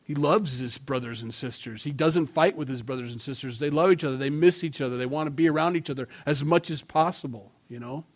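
A man's voice: fairly high pitch, fairly quick, few pauses. A middle-aged man, a pastor, giving a conversational sermon and telling family stories along the way. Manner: conversational, storytelling with family anecdotes.

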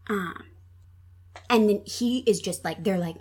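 Chatty husky-voiced woman. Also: medium pitch, unhurried, darkish tone. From Minnesota. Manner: chatty, many ums and likes. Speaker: podcast guest telling a true crime case. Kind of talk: casual storytelling chat.

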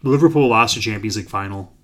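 A man's voice: fairly low pitch, fast talker, a crowd in the background. Laid-back Midwestern American man. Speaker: podcast co-host. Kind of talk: casual sports chat.

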